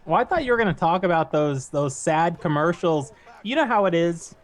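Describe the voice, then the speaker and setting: A man's voice: on the high side, lively intonation, fairly quick. A man co-commentating on a live stream, chatting casually and telling rambling jokes. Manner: joking, rambling storyteller.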